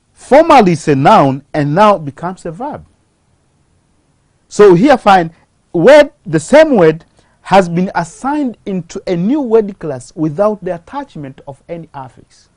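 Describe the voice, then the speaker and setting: A teacher giving a slow, deliberate televised English grammar lesson, posing questions to the class and answering them. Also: medium pitch, a little mellow, dry recording.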